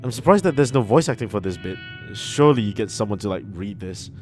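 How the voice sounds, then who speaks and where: A man's voice: fairly low pitch, expressive, fast, a little mellow, soft background music. A man hosting a video game playthrough, chatting sarcastically and reacting aloud as he plays. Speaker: gaming channel host. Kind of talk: let's play commentary.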